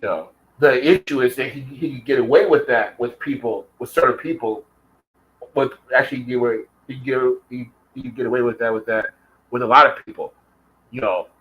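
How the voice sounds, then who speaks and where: A man on a long, heated vlog rant, swearing at every turn and hammering his points home. He talks at a middling pitch in a loose, conversational way. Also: a little fast, a bit bright, highs cut off. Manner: heated, profane, repetitive. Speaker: vlogger. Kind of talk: profane rant.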